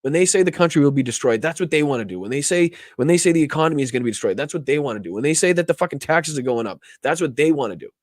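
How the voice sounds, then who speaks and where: A man's voice: on the high side, expressive, rapid-fire, few pauses, darkish tone, no echo, clean studio sound. Fiery, profane male political host. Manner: heated, profane, repeats words when worked up. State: emotional, near tears. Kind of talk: impassioned political commentary.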